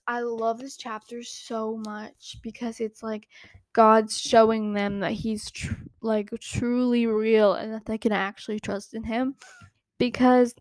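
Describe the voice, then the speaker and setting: A woman's voice: fairly high pitch, dry recording, clean studio sound. A woman hosting a podcast, talking casually about a Bible story, chatty and giggly, with lots of "like" fillers. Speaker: podcast host.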